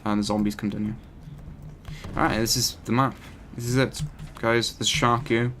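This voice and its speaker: A man's voice: on the low side, level tone, moderate pace, a bit bright, slight background noise. A man hosting his gaming channel, giving rambling, chatty live commentary over his gameplay and often correcting himself.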